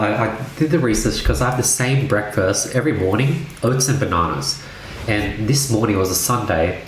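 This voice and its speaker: A young man co-hosts a casual podcast, reflecting and thinking aloud with frequent restarts. His voice sits fairly low. The room rings with strong echo, and a faint hiss sits underneath. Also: brisk. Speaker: podcast co-host. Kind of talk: casual chat. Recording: very echoey room with faint noise.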